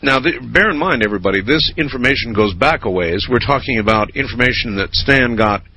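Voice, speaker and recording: A male host asking a guest questions in a radio interview, probing and somewhat halting. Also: medium pitch, animated, pushed and bright, a little hiss or hum, poor audio.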